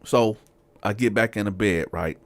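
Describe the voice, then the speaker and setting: A man's voice: moderate pace, no room sound. A man, casually telling a prison story to his audience and acting out the quotes. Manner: animated, acts out quotes with rising pitch. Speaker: storyteller, show host.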